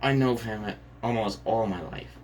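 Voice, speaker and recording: A man voicing a calm teenage boy hero in a spoken fan story, giving flat, matter-of-fact advice. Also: lowish voice, unhurried, recorded from a distance, slight background noise, lightly acted.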